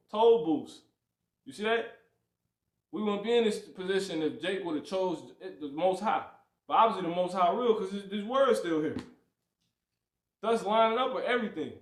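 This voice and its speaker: A man's voice: sits high, normal speed, pauses often, roomy sound. A man teaching a livestreamed Bible lesson in a preachy, repetitive way, often asking "you see?". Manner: preachy, repeats "you see" and "you know what I'm saying", animated swings. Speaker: scripture teacher.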